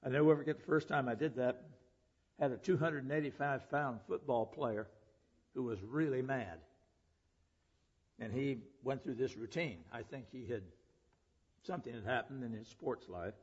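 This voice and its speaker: In a husky mid-range voice at normal speed with long pauses, a man who preaches and teaches at a public school gives an earnest sermon full of questions for his audience. The audio sounds dull and lo-fi, with long hall reverb.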